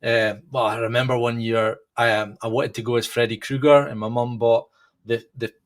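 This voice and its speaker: A man's voice: mid-range voice, flat delivery, moderate pace. A man in his thirties co-hosting a podcast, chatting casually and rambling with many restarts. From United Kingdom. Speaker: podcast co-host. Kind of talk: casual chat.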